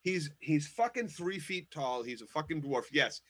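A man's voice: a little high, sing-song, moderate pace. A man co-hosting a casual TV recap podcast, ranting emphatically and swearing a lot. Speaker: podcast co-host.

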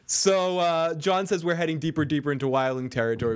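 A man's voice: fairly high pitch, expressive, fairly quick, few pauses. A man co-hosting a casual recap podcast, swearing freely, laughing often and reading listener comments aloud. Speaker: podcast co-host.

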